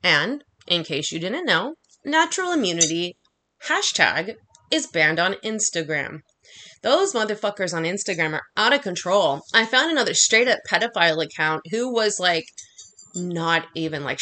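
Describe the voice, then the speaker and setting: A woman delivering an angry, profanity-laced monologue, talking fast and heatedly. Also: on the low side, expressive, pushed and bright. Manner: heated, swearing constantly, rapid rant.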